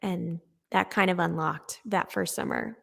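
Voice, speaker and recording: A young woman in her twenties, a podcast guest, telling stories in an animated way with frequent laughter. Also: fairly low pitch, a little slow, gravelly. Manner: animated storytelling, laughing often. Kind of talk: casual interview chat.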